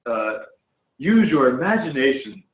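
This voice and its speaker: A man's voice: medium pitch, big pitch swings, moderate pace, slight background noise. A man running a tabletop game as game master, describing scenes in a hesitant way full of ums, over an online voice call. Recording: phone-like online call audio, echoey room.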